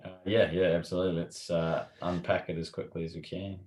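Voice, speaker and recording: Male podcast co-host, very deep voice, echoey room, brief matter-of-fact replies. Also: little pitch movement, a little fast, darkish tone. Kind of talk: casual chat.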